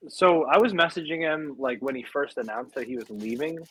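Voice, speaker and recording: A man co-hosting a casual podcast, talking in a relaxed, hesitant way with many fillers. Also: mid-range voice, brisk, husky. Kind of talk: casual chat.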